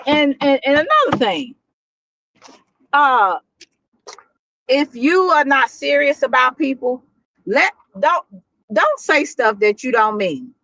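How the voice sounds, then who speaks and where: A woman's voice: high-pitched, expressive, takes it slowly, long pauses, pushed and bright, no room sound, low-quality recording. A woman with a Texan accent hosting a livestream, giving blunt, preachy relationship advice with lots of restarts. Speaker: livestream host. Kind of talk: casual livestream talk.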